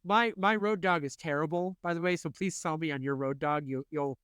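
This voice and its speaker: A man co-hosting a casual podcast chat, animated and quick to laugh. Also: clear, resonant tone, dry recording, studio quality. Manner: animated, laughing, swings in pitch. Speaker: podcast co-host.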